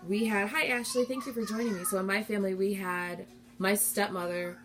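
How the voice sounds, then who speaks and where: A woman's voice: medium pitch, steady tone, brisk. Candid rambling woman live-streaming. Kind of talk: casual live-stream chat.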